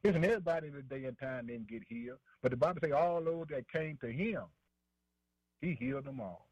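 Husky and a little mellow, a mid-range male voice preaches fairly quickly in a dry recording. His sermon is rhythmic and repetitive, punctuated by call-and-response fillers such as "man" and "boy," with the sound of a dull lo-fi radio broadcast.

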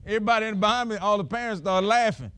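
A high-voiced male pastor preaches a sermon. He tells stories dramatically and breaks into shouts. His voice is recorded close and dry. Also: expressive, quick pace, smooth, no room sound.

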